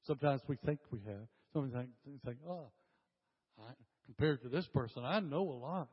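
A man's voice: medium pitch, normal speed, breathy edge. An older man preaching a sermon to a congregation, emphatic and repeating his phrases as he speaks directly to the room. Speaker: pastor. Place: church hall with congregation. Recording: dull lo-fi sound with long hall reverb.

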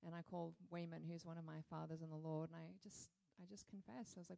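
A woman sharing a candid personal testimony in church, animated and full of fillers. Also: low-pitched, quick pace, vocal fry, few pauses, rough recording. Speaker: guest speaker sharing testimony.

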